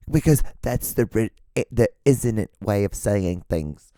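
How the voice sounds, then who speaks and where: A man hosting his own show in a casual, rambling monologue, with a hoarse, cracking voice. He swears freely and his voice jumps high when he gets worked up. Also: measured pace, no echo, studio quality. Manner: profane, excitable, voice jumps high when ranting. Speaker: podcast host. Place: home setup with lights and camera. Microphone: studio microphone.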